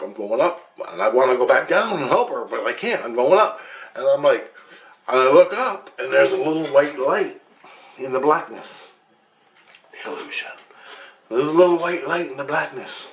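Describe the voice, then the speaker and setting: A man telling his own story in a casual, emphatic way, swearing and restarting as he goes, recorded on a computer webcam. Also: medium pitch. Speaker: vlogger recounting a past-life recall. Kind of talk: casual first-person storytelling. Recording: roomy echo.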